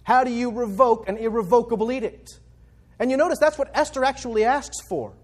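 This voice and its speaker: Male Bible teacher, high voice, conversational, quick rhetorical questions.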